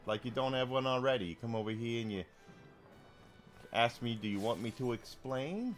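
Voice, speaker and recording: With soft music playing behind him, a medium-pitched streamer talks at a moderate pace, remarking on what he discovers in the game and chatting with viewers as he reads their messages.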